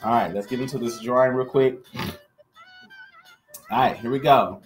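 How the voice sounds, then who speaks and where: A man hosting a live-stream jewelry sale, chatty and upbeat and talking straight to his viewers, with soft music behind. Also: medium pitch, moderate pace. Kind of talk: live-stream sales chat.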